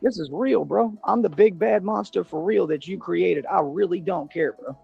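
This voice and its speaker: A man's voice: high-pitched, moderate pace, gravelly, muffled recording, faint music behind. A man in a played video ranting defiantly and boastfully in street slang. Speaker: self-styled independent detective in a played video.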